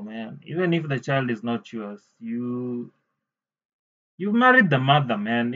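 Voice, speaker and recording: A man's voice: medium pitch, dull audio. A man giving blunt, opinionated casual commentary on a clip, swearing freely.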